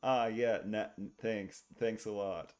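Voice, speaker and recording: A man's voice: fairly low pitch, steady tone, takes it slowly, darkish tone. A male streamer giving casual, rambling gaming commentary into a desk microphone, laughing often.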